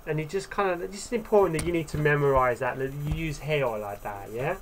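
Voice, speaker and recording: A man giving a casual video lesson, explaining things loosely with many fillers and tag questions, and sounding out example words slowly. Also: fairly high pitch, a little hiss or hum. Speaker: Korean language teacher.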